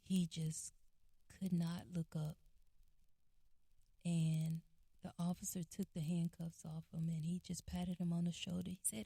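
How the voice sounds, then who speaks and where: A woman's voice: lowish voice, little pitch movement, measured pace, vocal fry, long pauses, dark tone, husky, dry recording. A woman telling a family memory in an oral history interview, in an earnest, reflective way with restarts.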